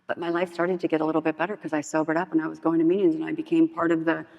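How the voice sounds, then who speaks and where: Speaking at a recovery meeting, a woman with a low, gravelly, slightly mellow voice delivers candid personal testimony in a rapid-fire, flat way, chatty like she's telling a story. The hall is echoey and the sound dull and lo-fi.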